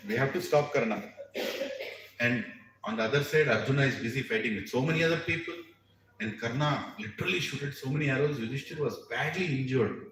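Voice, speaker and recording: A man's voice: medium pitch, brisk, fairly bright tone, a little hiss or hum. A man with an Indian English accent telling a scripture story as a lecture, acting out the characters' voices and laughing often. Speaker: spiritual teacher telling scripture stories. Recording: roomy distant mic with faint ambience.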